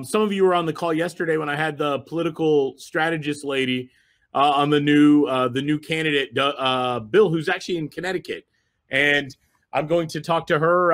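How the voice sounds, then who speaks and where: A man's voice: a little high, fairly bright tone. A man hosting a group video call, giving a rambling, enthusiastic motivational talk full of fillers and repeated phrases.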